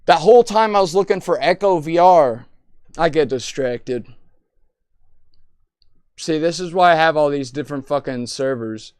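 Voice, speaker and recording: Young guy streamer, smooth clean voice, kinda high, dry close mic, rambling jokey chat. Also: moderate pace, pauses often, darkish tone, no room sound. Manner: playful, teasing, rambling. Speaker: streamer host. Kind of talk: casual voice chat banter.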